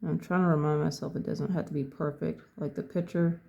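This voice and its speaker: Gravelly mellow voice, painting tutorial, slow and thinking out loud. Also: medium pitch, level tone, highs cut off. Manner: unhurried, thinking aloud step by step. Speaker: painting instructor.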